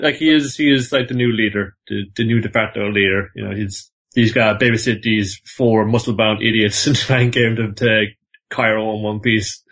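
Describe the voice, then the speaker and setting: A man in casual anime podcast chat, speaking haltingly with many restarts and some laughter. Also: medium pitch, fairly bright tone, breathy edge. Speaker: podcast guest.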